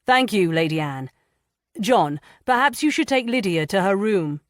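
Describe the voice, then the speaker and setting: A woman voicing a haughty, sardonic nobleman in an audiobook, low in her range and measured. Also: animated, no echo, studio quality, close to an everyday voice. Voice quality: cool, sardonic. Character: haughty middle-aged male marquis.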